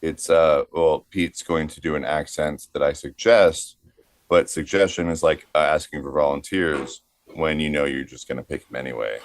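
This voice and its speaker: A man's voice: rumbling low, fairly even intonation, normal speed, no room sound. A man co-hosting a comedy podcast, introducing segments in a rambling, hesitant way. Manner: rambling, hesitant, lots of fillers. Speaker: podcast co-host.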